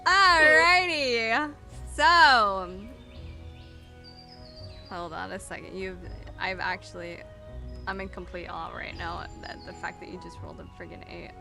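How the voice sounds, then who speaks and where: A woman's voice: fairly low pitch, level tone, normal speed, vocal fry. A woman streaming as game master of a tabletop game, narrating the action and teasing her players with laughs and swearing. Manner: giggly, swears freely, playful teasing. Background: faint music.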